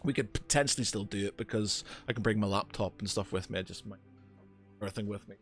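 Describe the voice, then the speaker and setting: A man's voice: on the low side, quick pace, faint music behind. A man from Northern Ireland running a tabletop game as game master, hesitant and full of fillers.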